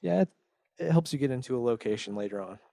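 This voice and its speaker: A man walking through a game's plot on a casual review podcast, now and then slipping in deadpan sarcasm. His voice has an ordinary pitch for a man and is recorded close and dry. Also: fast, vocal fry, no echo. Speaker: podcast co-host. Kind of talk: casual game review chat.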